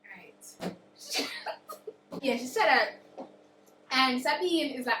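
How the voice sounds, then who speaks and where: A high-pitched young woman with a Jamaican accent, chatting through a book's story in a loose, lively way and slipping into the characters' lines. The room is echoey, with a faint hiss underneath. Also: measured pace, pauses often. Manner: animated, acts out characters' quotes. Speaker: book reviewer. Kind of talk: casual plot retelling.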